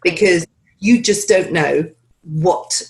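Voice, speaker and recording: A woman coaching actors on accents talks through listener questions in an interview. Her speech is lively and chatty, jumping up in pitch and breaking into laughs. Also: takes it slowly, a little hiss or hum.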